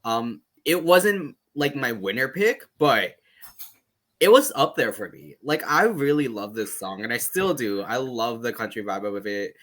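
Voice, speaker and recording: A man's voice: medium pitch, expressive, a little slow, a bit bright. A man co-hosting a podcast in casual chat, enthusing with plenty of 'um' and 'like'. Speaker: podcast co-host.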